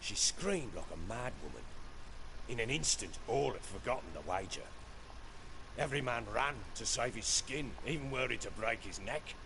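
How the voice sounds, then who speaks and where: An actor playing a gruff, weathered man in a video game, telling a tale bluntly. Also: medium pitch, expressive, moderate pace, noisy background. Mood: storytelling.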